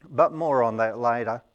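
A man preaching a sermon, explaining a scripture passage in a measured, teaching manner. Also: mid-range voice, dull audio.

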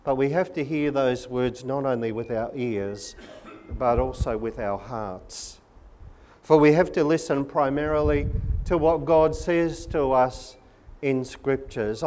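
A man preaching a sermon in an earnest, measured and emphatic way. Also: medium pitch, a little mellow, a little hiss or hum.

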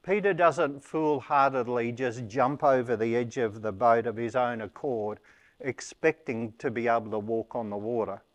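Speaking at a medium pitch, a man delivers a sermon that unpacks a scripture passage in a calm, instructive way.

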